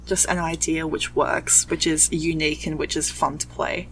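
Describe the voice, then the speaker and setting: A woman's voice: sits low, level tone, normal speed, gravelly, a bit bright, a little hiss or hum, rough recording. A woman guest on a podcast, chatting enthusiastically. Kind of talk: casual chat.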